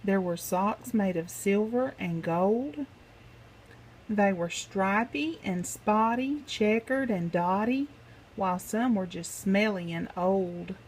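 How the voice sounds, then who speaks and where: A woman narrating a rhyming picture book in a slow, rhythmic, sing-song way. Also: medium pitch, a little hiss or hum, poor audio. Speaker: storybook reader.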